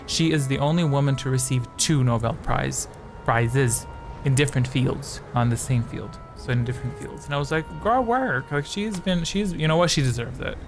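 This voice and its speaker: A man's voice: mid-range voice, moderate pace, vocal fry, over music. Rambling, chatty male quiz streamer. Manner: rambling, chatty, jokey asides. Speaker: streamer hosting a quiz game. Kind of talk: casual live-stream chat.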